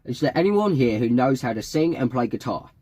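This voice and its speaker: A man voicing a young bandmate who calmly announces a fake death to a rowdy crowd, speaking loudly like a stage announcement. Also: medium pitch, fairly quick, no room sound. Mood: announcing.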